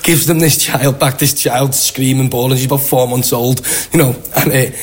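A Liverpudlian man with a Scouse accent, telling animated anecdotes in a casual interview. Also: medium pitch, moderate pace, slightly rough. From Liverpool, England. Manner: chatty, animated anecdotes with acted-out quotes. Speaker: guest. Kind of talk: casual storytelling.

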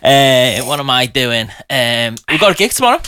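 A man's voice: medium pitch, sing-song, normal speed, sharp tone, clear, resonant tone. A young man co-hosting a radio show, needling his partner playfully in casual banter. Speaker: radio co-host.

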